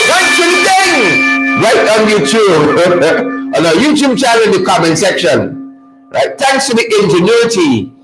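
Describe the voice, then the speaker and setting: A man's voice: high voice, a bit bright, reverberant, rough recording. Laughing, mocking male livestream host. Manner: laughing, mocking, repeats phrases. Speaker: show host. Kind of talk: livestream commentary.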